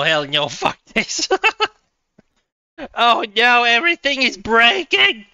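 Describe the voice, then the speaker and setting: A woman streaming a game live from her home computer setup, thinking out loud, laughing often and swearing freely. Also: mid-range voice, no room sound.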